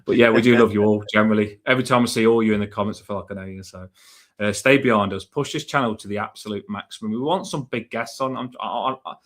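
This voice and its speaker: A man co-hosting a football fan podcast, excitable and hyping himself up in casual chat. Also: on the low side, quick pace. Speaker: podcast co-host.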